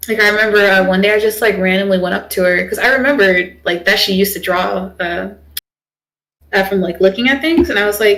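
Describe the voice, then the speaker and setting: A woman's voice: medium pitch, brisk, a bit bright, poor audio. A young woman streamer chatting casually while she draws, rambling with lots of fillers. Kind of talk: casual chat while drawing.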